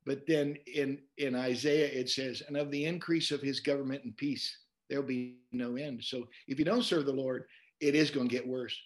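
A man's voice: mid-range voice, normal speed. A man, a pastor, speaking as an interview guest, talking in a conversational preaching way and quoting scripture as he tells stories. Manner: animated storyteller, repeats words while quoting scripture.

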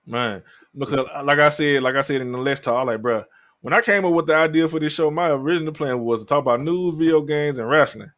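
Southern man, podcast host, casual profane chat, animated storytelling. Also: on the high side, fast talker. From Memphis.

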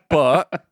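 Animated, laughing, swearing man. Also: high-pitched, no echo, clean studio sound. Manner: animated, swearing, laughs often, acts out quotes. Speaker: podcast co-host. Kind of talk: casual chat.

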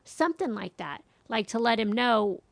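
A woman's voice: a little high, moderate pace, gravelly. A middle-aged woman, a mother, telling a story in casual chat and acting out what others said. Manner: animated storytelling, quoting others.

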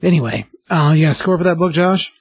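Gravelly, husky man in easy chat. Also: fairly high pitch, fast, dry recording. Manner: relaxed, easygoing, hesitant restarts. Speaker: podcast co-host, comic reviewer. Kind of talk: casual chat.

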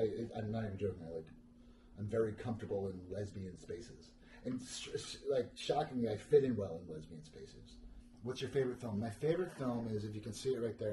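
Man, middle-aged, casual livestream host, rambling, crude, echoey room, noisy background. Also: lowish voice. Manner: crude, rambling, self-deprecating with lots of fillers. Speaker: podcast host answering livestream chat.

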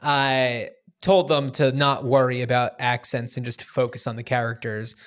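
A man's voice: mid-range voice, little pitch movement, moderate pace, a bit bright. Easygoing guy chatting about films, fillers everywhere, swears a bit. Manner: loose and conversational, with fillers and casual swearing. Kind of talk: casual film discussion.

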